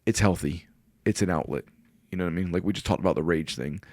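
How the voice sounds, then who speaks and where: Podcast guest, man in his forties, low voice, dry studio sound, earnest and rambling. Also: fast, darkish tone, no room sound. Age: 40s. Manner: earnest, rambling, often quotes himself. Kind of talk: casual conversation.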